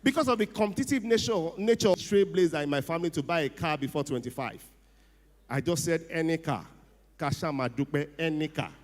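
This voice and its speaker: A man's voice: a little high, brisk. Nigerian man telling stories in a reverberant hall. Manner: animated, switches to a hushed voice for quoted lines, laughs often. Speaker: speaker at a ceremony. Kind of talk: humorous storytelling speech. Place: event hall.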